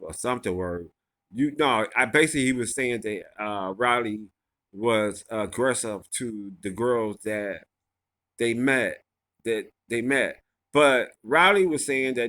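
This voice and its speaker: Bright-voiced man gossiping through a recap. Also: medium pitch, measured pace. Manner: rambling and gossipy, full of fillers. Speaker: reality show recapper. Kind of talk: casual episode recap.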